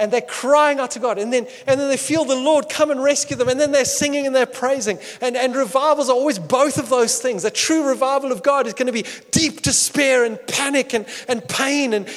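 Impassioned high-voiced preacher in a hall. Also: male voice. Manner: impassioned, swinging between loud outcries and hushed asides. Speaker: pastor. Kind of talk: sermon.

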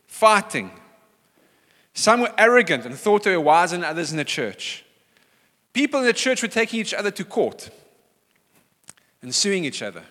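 A man's voice: sits high, bright, forceful tone. A man, a pastor, preaching a sermon in a church hall and acting out quoted voices with animation.

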